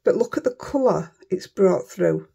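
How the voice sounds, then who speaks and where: Yorkshire lady crafting and nattering away, bit of a rough gravelly edge, kind of husky. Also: lowish voice, animated, moderate pace, warm tone. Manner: chatty, self-mocking, often mutters under her breath. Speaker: craft vlogger. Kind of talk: casual chat while crafting.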